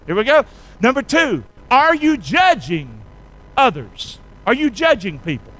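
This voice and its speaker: A man with a high voice preaching to a congregation. He talks in a folksy, colloquial way and keeps asking the listeners to repeat his words back. Each question comes in a call-and-response rhythm. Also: fairly bright tone, rough recording. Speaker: pastor. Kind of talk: sermon.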